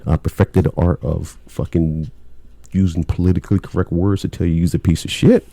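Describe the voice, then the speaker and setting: A man's voice: low voice, steady tone, a little fast, vocal fry, dark tone, no room sound. A middle-aged man, a cable technician, telling work stories in a blunt, laid-back way with plenty of swearing. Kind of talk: casual storytelling chat.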